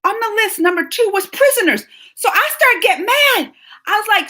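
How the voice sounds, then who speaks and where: Woman, high voice, bright tone, animated storyteller, casual live-stream chat. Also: moderate pace. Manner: chatty, animated storytelling with laughs.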